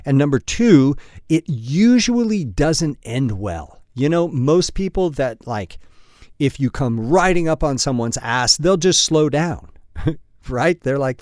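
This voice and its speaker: A man's voice: a little high, expressive, unhurried, darkish tone, dry recording, clean studio sound. A man hosting a casual solo podcast, talking bluntly with a lot of swearing, chuckling often and poking fun at himself. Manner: blunt and profane, with frequent chuckles; self-deprecating storyteller. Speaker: podcast host.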